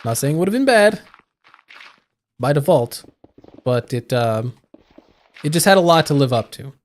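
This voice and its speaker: A man's voice: a little high, big pitch swings, moderate pace. A young man streaming live, chatting casually and rambling with lots of fillers and restarts. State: hiccuping.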